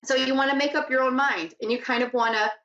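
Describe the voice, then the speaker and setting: Speaking fast in a high, steady, fairly bright voice, a psychic radio host chats through casual spiritual teaching. She laughs easily and drifts off topic, and the lo-fi recording has an echoey room sound.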